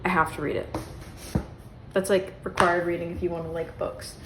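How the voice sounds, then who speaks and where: A woman's voice: lowish voice, little pitch movement, moderate pace, a bit bright, slight background noise. A young woman vlogging casually about her books, chatty and self-mocking, with plenty of "um" and "like" as she rambles. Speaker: book vlogger. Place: bedroom. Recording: echoey room.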